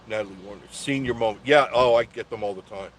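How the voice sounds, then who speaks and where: A man's voice: fairly low pitch, quick pace. Chatty older man. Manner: rambling, chatty, laughs often. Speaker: live stream host. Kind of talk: casual live chat reading comments. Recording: faint background noise.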